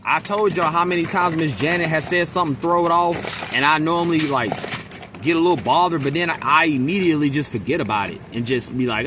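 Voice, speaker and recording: A man's voice: a little high, a little fast, pushed and bright, slight background noise. A man venting in a casual monologue to camera, blunt and profane, mimicking his coworkers. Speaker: vlogger.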